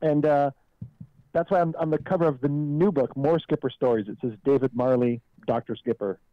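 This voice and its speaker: A man's voice: on the high side, steady tone, a little fast, dry recording. Wry storytelling man, dull lo-fi sound. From Southern California. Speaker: guest author. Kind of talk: casual interview storytelling.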